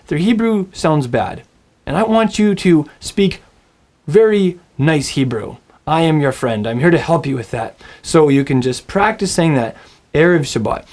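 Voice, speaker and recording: A man teaching a recorded Hebrew lesson, friendly and encouraging, saying words slowly and getting the listener to repeat them. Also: on the high side, a little mellow. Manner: friendly, encouraging, models pronunciation aloud.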